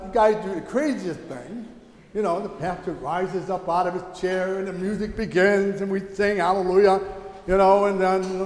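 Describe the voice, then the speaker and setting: A middle-aged man speaking to a congregation, telling a personal story with animated exclamations. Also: high voice, normal speed. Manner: animated, exclaiming, retelling with rising excitement. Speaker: church speaker teaching about the mass. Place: church. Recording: echoey church hall.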